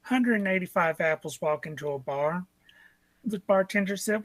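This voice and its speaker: A woman performing in an online improv show, delivering quick joke punchlines playfully over a video call. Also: on the low side.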